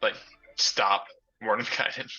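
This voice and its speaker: Slow, bright-voiced man playing a tabletop game. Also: fairly low pitch, fairly even intonation, dull audio. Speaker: player. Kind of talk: casual tabletop game play.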